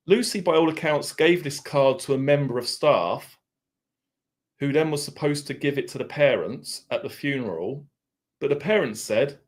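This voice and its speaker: A middle-aged man with an Essex accent, chatting casually on a livestream, reading out viewers' comments and musing aloud in a self-deprecating way. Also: mid-range voice. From Essex, England. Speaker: livestream host. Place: home.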